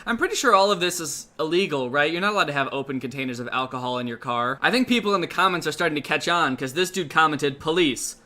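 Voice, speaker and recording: Bright-voiced sarcastic young man. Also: on the high side, fast, few pauses. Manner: sarcastic, incredulous, animated. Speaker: commentary host. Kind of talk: comedic video commentary.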